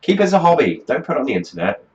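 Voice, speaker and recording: A man's voice: a little high, very animated, racing, a little mellow, a little hiss or hum. Ranting man, lo-fi recording. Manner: swears constantly, mocking and exasperated. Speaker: music review host. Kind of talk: profane comedic rant.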